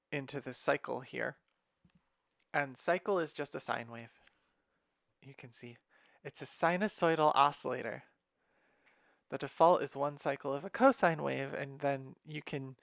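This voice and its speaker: A young man casually walking through his music software patch, thinking aloud with fillers and wry asides, recorded at his computer. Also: medium pitch, creaky, dry recording, studio quality. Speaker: music software tutorial host. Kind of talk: casual screen-share walkthrough.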